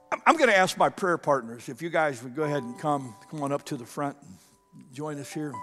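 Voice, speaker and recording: A male pastor preaching a sermon, telling a story with quoted voices and swinging from loud, rising lines to hushed ones. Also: high-pitched, big-room sound. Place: church sanctuary.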